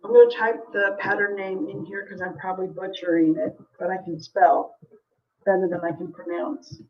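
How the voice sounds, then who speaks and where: A woman's voice: medium pitch, little pitch movement, moderate pace, far from the mic, muffled recording. A woman hosting a live jewelry sale, chatting casually with viewers, full of ums and little laughs, from the United States. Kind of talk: casual live-stream selling chat.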